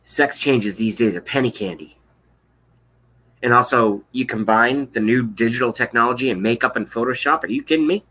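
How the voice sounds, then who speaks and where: A man's voice: medium pitch, moderate pace, sharp tone. A man in his thirties ranting on a live stream, blunt, sarcastic and profane, reading out chat comments. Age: 30s. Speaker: political vlogger.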